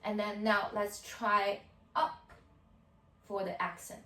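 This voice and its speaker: A woman teaching violin in a tutorial, counting beats out in a slow, patient way. She is heard from a little way off in a roomy space, with violin playing around her words. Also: medium pitch, flat delivery. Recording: roomy sound from a distance.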